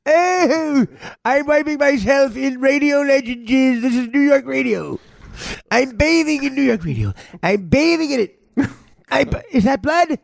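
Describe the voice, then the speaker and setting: A man putting on a shrill, disgusted male voice that shrieks in horror. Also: lively intonation, a little slow, creaky, exaggerated voice. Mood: disgusted shrieking. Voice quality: shrieking, high and strained.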